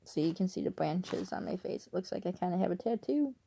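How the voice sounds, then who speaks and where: A woman's voice: fairly low pitch, expressive, brisk, gravelly, warm tone, slight background noise. Rambling woman with a Chicago accent. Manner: rambling, chatty, self-correcting. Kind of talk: casual vlog chat. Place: at home.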